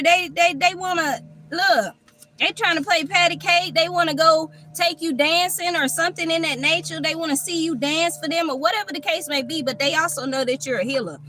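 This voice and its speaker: Woman tarot reader, high and bright, profane and animated, live on her phone in a park. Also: a little fast. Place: outdoors at a park.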